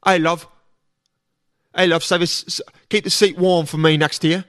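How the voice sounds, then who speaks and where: Cocky British action-movie stud, as a man puts him on, higher voice, breezy flirty quips. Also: flat delivery, moderate pace, fairly bright tone, lightly acted.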